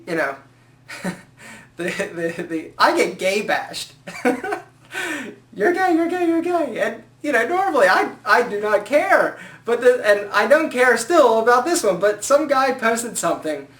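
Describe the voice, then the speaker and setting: A man's voice: high voice, unhurried. A man giving casual style advice in a joking, sarcastic vlog. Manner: joking, sarcastic, animated asides. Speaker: style vlogger. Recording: echoey room.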